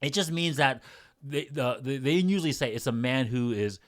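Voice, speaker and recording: A man's voice: medium pitch, lively intonation, normal speed. Emphatic man lecturing on a podcast. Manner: emphatic, lecturing, frequent fillers and restarts. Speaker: podcast co-host. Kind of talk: casual podcast chat.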